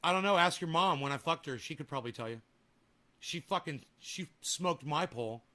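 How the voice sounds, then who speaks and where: A man's voice: on the high side, animated, fairly quick, pushed and bright. A man hosting a casual livestream, reading viewer comments and trash-talking in a crude, taunting way. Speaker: livestream host.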